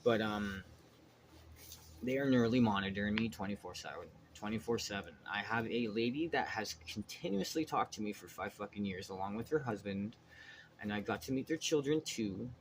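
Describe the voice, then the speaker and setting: Agitated swearing man, low voice. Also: moderate pace, slight background noise. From Canada. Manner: agitated, swears constantly, trails off and restarts. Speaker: vlogger. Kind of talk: rambling monologue.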